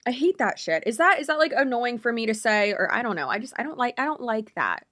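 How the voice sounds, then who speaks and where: A woman's voice: a little high, sing-song, fast talker, bright, forceful tone. A woman YouTuber giving blunt, opinionated reaction commentary, rambling with lots of fillers.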